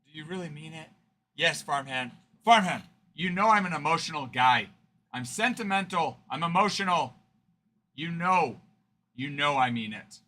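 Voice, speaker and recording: A man's voice: fairly high pitch, expressive, normal speed, sharp tone. A man hosting a card-breaking livestream, chatting and teasing viewers in a casual, joking way. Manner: chatty, teasing banter, fond of the word 'frickin''.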